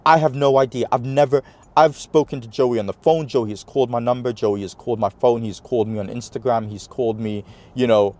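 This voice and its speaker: A man with a New York accent, a guest in an interview, retelling a personal story animatedly and acting out the dialogue. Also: mid-range voice. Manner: animated retelling, acts out quoted dialogue, many fillers.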